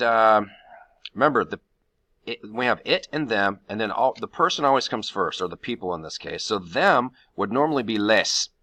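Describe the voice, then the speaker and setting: A man with a bright, forceful tone and a fairly low voice walks students through a Spanish grammar lesson. He explains patiently, step by step, and the recording is dry and close. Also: no echo. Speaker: Spanish teacher.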